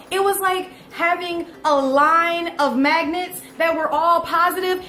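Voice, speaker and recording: A woman in her twenties, a vlogger telling a storytime, animated and profane, who keeps calling her viewers y'all. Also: extremely high pitch. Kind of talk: casual storytime. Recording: echoey room.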